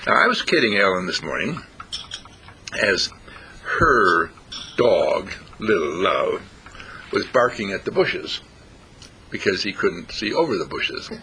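Gravelly guy rambling thru a funny story, bright edgy voice, pitch all over, faint rumble behind. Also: big pitch swings, slow pace, long pauses. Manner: rambling, playful, clears throat often. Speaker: speaker. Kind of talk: casual storytelling talk.

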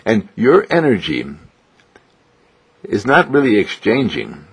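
A man gently guiding listeners through a self-healing exercise, with a coaxing, repetitive manner. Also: lowish voice, wildly swooping pitch, slow pace, husky. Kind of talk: guided self-healing instruction.

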